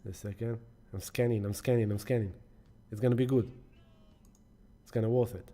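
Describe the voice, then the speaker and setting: A man's voice: fairly low pitch, fairly even intonation, brisk, dark tone. A man hosting a live astrology stream, talking casually and affectionately, greeting viewers by name and rambling with restarts. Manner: rambling, with many restarts and repeated words.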